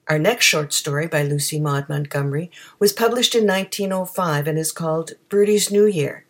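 A woman from Canada hosting a readers' theatre program, introducing each story plainly. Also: fairly low pitch. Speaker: program host. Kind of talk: introducing readings.

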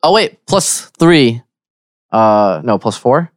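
A man's voice: medium pitch, takes it slowly, dry recording, studio quality. A man playing a tabletop game in casual chat, adding up his damage rolls aloud. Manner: relaxed, counts damage aloud. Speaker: player.

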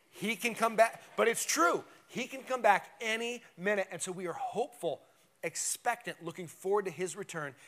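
A man's voice: high voice, a bit bright. A man preaching a conversational, emphatic sermon in a church, often checking in with "right?". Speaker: pastor. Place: church sanctuary.

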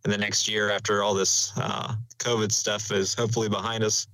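A man's voice: fairly low pitch, little pitch movement, fairly quick, sharp tone, no echo, poor audio. A man making an upbeat suggestion in casual panel chat, with frequent uhs.

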